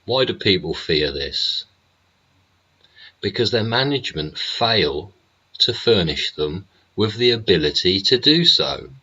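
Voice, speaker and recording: A man's voice: low voice, pushed and bright, husky, highs cut off. Sweary ranting man. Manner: angry, swears constantly, rhetorical tag questions. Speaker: host. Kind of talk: ranting political monologue.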